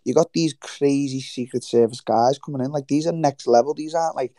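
A fighter joining a casual interview chat over a remote livestream call swears freely while telling animated stories full of quoted voices. His voice is medium-pitched and fairly quick, with no echo.

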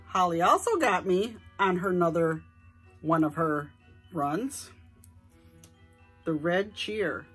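Chatty husky-voiced woman showing off a haul. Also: mid-range voice, a bit bright. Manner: chatty and enthusiastic, addresses viewers directly. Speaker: vlogger showing a shopping haul. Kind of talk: casual haul vlog chat. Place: at home indoors.

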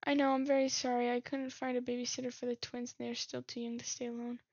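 A woman streamer reading text messages from a game aloud and thinking out loud about them, laughing at her own slips. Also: fairly high pitch, flat delivery, fast, no room sound, muffled recording. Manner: reads messages aloud, muses and laughs at herself. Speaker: gaming streamer.

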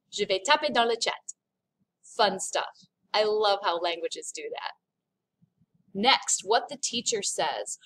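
A woman French teacher recording a remote lesson, upbeat and clear, stressing each French phrase carefully for students to repeat. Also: mid-range voice, fairly bright tone. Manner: upbeat, over-enunciated French demonstrations.

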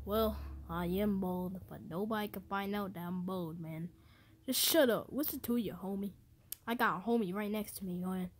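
A woman's voice: medium pitch, normal speed, natural voice. A woman voicing Mario as a swaggering, slang-heavy wannabe gangster in an amateur fan movie. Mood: cocky. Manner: swaggering slang, dismissive, bossy. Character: Mario acting as a cocky wannabe gangster, male adult.

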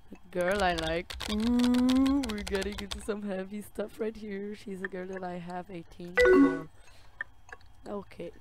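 A woman playing a game on camera, reading its chat messages aloud in a slow, drawn-out way and reacting with soft sympathy. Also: mid-range voice, steady tone. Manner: reads dialogue slowly, with soft sympathetic reactions. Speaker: gaming video creator. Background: loud game music and keyboard typing.

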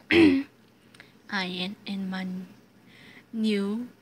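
A woman's voice: medium pitch, very slow, a little hiss or hum, poor audio. A woman with a sore throat hosting casual let's-play commentary, giggling, rambling and repeating words as she plays. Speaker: gaming channel host. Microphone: phone mic.

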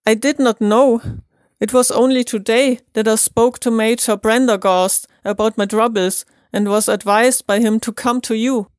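A woman's voice: fairly high pitch, fairly even intonation, moderate pace, no room sound, studio quality, close to an everyday voice. A woman with a German accent voicing a frightened young man in an audiobook, pleading earnestly. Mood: anxious. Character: frightened young man telling his troubles.

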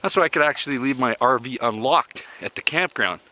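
A man's voice: mid-range voice, brisk, pushed and bright. A man in his fifties from Canada, talking casually and bluntly in a folksy, opinionated monologue and chuckling at his own jokes. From Canada (Yukon). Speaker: vlogger living in an RV.

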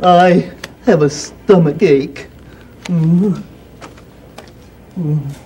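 A man performing a big, gentle, childlike bird puppet, speaking in a halting, stammering way, in a 1960s children's TV scene. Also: a little high, a little hiss or hum, voice pushed up. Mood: queasy.

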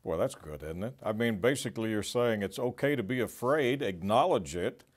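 A man's voice: lowish voice, expressive, normal speed. Reflective male co-host. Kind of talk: talk show conversation.

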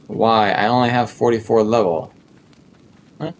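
A man's voice: fairly low pitch, steady tone, a little slow, slight background noise. A man from North America giving casual commentary as he streams a survival game, chatting to himself and to the creatures and often repeating words. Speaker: gaming streamer.

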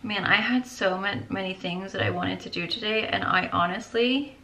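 Chatty woman vlogger with a bright voice. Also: mid-range voice, moderate pace. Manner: chatty, lots of "like" and "you guys". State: tired, with a headache. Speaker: beauty vlogger. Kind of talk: casual chat while doing makeup.

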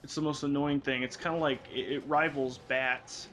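A man's voice: medium pitch, fairly even intonation, moderate pace, fairly bright tone, a little hiss or hum. A young man from the American South hosting a casual co-op gameplay chat, laughing often and swearing freely. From Southern United States. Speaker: gaming channel host.

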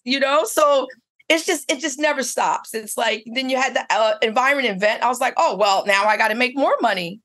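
A woman's voice: high voice, sharp tone. A middle-aged woman who owns a spa, telling her story in a casual interview with eager, rambling restarts. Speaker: spa owner and esthetician.

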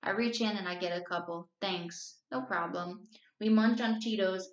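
A woman teacher reading a novel aloud to her class, telling the story at a steady, even pace. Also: medium pitch, fairly quick. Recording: roomy, slightly dull recording.

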